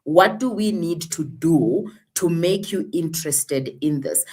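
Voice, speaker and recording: A woman speaking on a panel, earnest and rhetorical, slowing down to stress her points. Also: low voice, animated, darkish tone, slightly rough. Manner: earnest, rhetorical, drawn-out emphasis. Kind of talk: impassioned panel talk.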